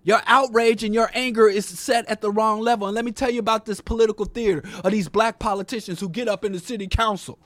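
A man with a high voice delivers a fiery, profane political monologue. His preacher-like cadence rises and falls through rhetorical questions. The sound is close and completely dry. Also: fairly even intonation, quick pace, hardly any pauses, fairly bright tone, no room sound.

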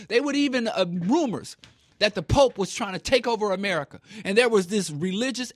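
A man's voice: high-pitched, fairly bright tone, no room sound, studio quality. A man from Kansas City giving an impassioned talk, emphatic and preachy, with rhetorical questions. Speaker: speaker.

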